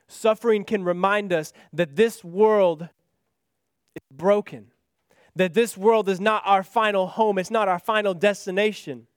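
A man preaching a sermon in an earnest manner, rising to impassioned pleas and then dropping soft and low. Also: steady tone, measured pace, clean tone, no room sound, studio quality.

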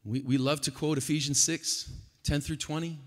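A man preaching a sermon at a conference, animated and swinging from quiet talk to loud, emphatic passages. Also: fairly high pitch, normal speed. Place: large conference hall. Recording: long hall reverb.

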